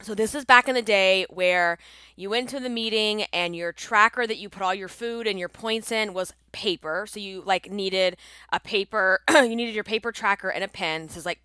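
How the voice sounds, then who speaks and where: A woman's voice: mid-range voice, unhurried, pushed and bright, clear, resonant tone, dry recording. A woman hosting a casual solo podcast, chatty and upbeat, sounding congested from allergies. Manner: chatty, upbeat, laughs often. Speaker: podcast host and coach.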